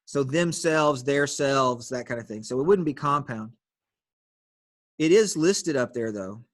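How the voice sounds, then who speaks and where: A man's voice: medium pitch, animated, measured pace, no room sound. A man teaching an online grammar class on a video call, explaining patiently step by step and calling on students.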